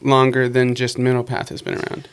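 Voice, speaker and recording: A podcast host in a casual interview, asking short, relaxed questions and saying "like" often. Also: medium pitch, brisk, clean tone.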